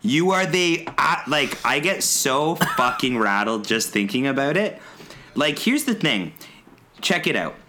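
A man holds forth on a casual podcast, his voice bright and edged with tension. He tells his story as an animated rant, full of swearing, and his pitch stays in a middle range. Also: measured pace, slight background noise. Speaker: podcast co-host. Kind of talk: casual chat.

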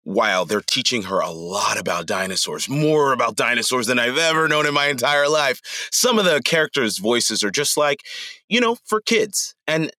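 Lively low-voiced man chatting, laughing often. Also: no echo, clean studio sound. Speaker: voice actor guest. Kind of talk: casual podcast conversation.

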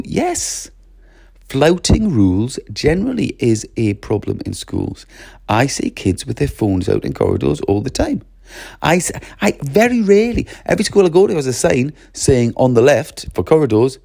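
A middle-aged man talks to teachers with a gravelly, husky voice that swoops up and down expressively. His tone is mellow rather than bright, and the dry, close sound carries no room echo. He keeps the delivery animated, often slipping into character voices. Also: mid-range voice, moderate pace. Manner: expressive, lively, acts out classroom voices. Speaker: teacher trainer. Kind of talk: animated training talk to teachers.

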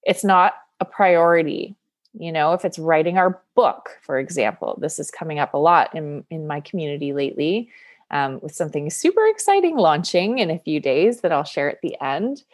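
Woman podcast host, chatty and upbeat, slightly low voice, solo talk. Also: animated, moderate pace. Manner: upbeat and chatty, laughs between phrases.

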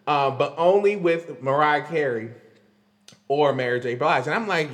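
A man hosting a podcast, chatting in a loose, animated way about pop music, with lots of fillers and frequent laughs. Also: fairly high pitch, moderate pace, big-room sound. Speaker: podcast host. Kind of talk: casual pop-culture commentary.

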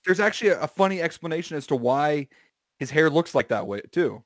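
A man's voice: on the high side, lively intonation, brisk, no room sound, clean studio sound. A man telling a long, rambling anecdote with swearing and self-corrections in casual podcast chat.

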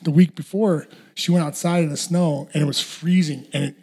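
A man chatting casually as a podcast co-host, telling animated stories full of fillers. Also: fairly high pitch, normal speed, breathy edge. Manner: animated storyteller, lots of fillers. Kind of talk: casual chat.

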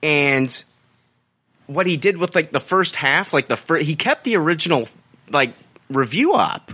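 Brief: bright, expressive male podcast co-host, swears freely, lots of pitch movement. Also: measured pace, husky. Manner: animated, profane, laughs often. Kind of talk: casual podcast chat.

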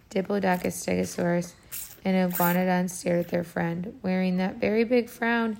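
A woman reading a picture book aloud to young children, animated, pausing to ask them questions. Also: lowish voice, vocal fry, slight background noise. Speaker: reader to children.

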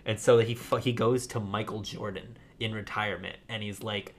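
A man co-hosting a podcast in casual chat, telling a story in a rambling, animated way full of fillers. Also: lowish voice, brisk, hardly any pauses. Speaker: podcast co-host.

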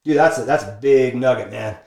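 A man's voice: medium pitch, a little fast, vocal fry. Emphatic storyteller man, echoey room. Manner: animated, emphatic, peppers talk with "like" and "okay?". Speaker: speaker sharing business lessons from a book. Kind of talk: energetic storytelling monologue.

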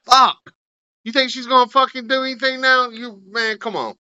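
A man's voice: very high-pitched, fairly even intonation, moderate pace, bright, forceful tone, clear, resonant tone, no echo. A man co-hosting a podcast, swearing freely and teasing in mock-scolding banter. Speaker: podcast co-host. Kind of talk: crude casual banter. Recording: dull lo-fi podcast audio.

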